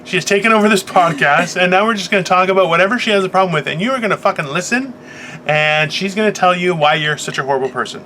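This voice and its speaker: Bright, high-voiced man ranting. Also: fast talker, slight background noise. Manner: animated, swearing, mimics others mid-story. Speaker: podcast co-host. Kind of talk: casual morning chat.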